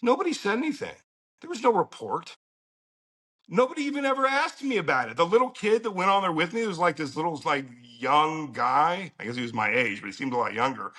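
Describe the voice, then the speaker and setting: A man's voice: fairly high pitch, sing-song, fairly quick, pushed and bright, slightly rough. A middle-aged man telling a story as a podcast guest, blunt and profane, laughing now and then. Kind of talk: casual storytelling.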